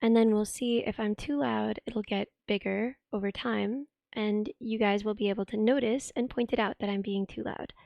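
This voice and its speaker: A young woman with a sick voice, chatting on a live stream, thinking aloud as she tinkers and thanking viewers with excitement. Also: medium pitch, moderate pace, vocal fry, hardly any pauses, no room sound, dull audio. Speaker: livestreamer. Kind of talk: casual live stream chat. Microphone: desk streaming microphone.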